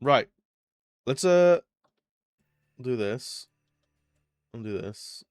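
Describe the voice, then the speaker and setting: A man's voice: medium pitch, animated, extremely slow, darkish tone, no room sound, clean studio sound, soft background music. A man chatting casually during a live stream, rambling and laughing often between remarks. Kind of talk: casual live-stream chat while gaming.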